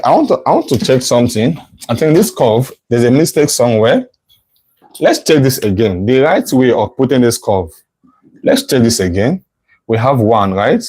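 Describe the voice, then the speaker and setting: A man's voice: medium pitch, darkish tone, breathy edge, poor audio. A male math tutor teaching a live online lesson, thinking aloud as he sketches a curve, correcting himself and checking in with "right?".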